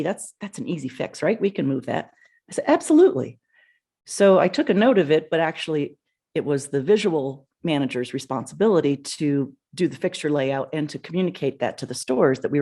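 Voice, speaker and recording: A woman's voice: low voice, darkish tone. A middle-aged woman hosting a podcast, telling a personal anecdote in a conversational way with small restarts. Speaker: podcast host. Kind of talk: personal storytelling on leadership. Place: home in Idaho, early morning.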